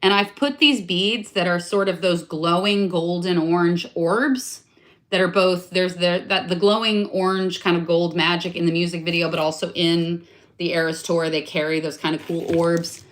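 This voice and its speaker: In this casual show-and-tell, a young adult craft vlogger presents her latest project in a lowish, steady voice at a moderate pace. Her talk wanders and she keeps catching and fixing herself partway through sentences. She's enthusiastic yet jokingly self-deprecating about how detailed she gets.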